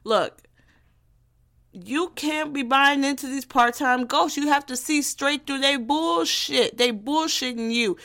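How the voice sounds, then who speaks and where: Brash young woman with a higher voice. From Gary, Indiana. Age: young adult. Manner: brash, profane and animated, quick to tease. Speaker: podcast host. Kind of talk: casual comedic monologue.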